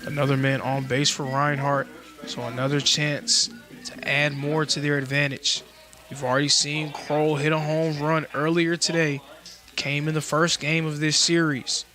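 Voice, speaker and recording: A man doing live play-by-play commentary for a college baseball game, with a measured, informative delivery. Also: on the high side, flat delivery, bright, forceful tone, soft background music. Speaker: play-by-play announcer.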